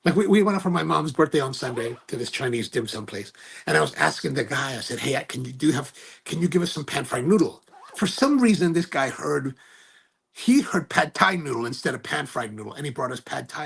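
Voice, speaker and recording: This is a cigar livestream host from the United States, a man with a mid-range, gravelly voice that is fairly bright and slightly rough. He talks briskly with lively intonation, answering viewer comments and rambling through anecdotes full of self-corrections.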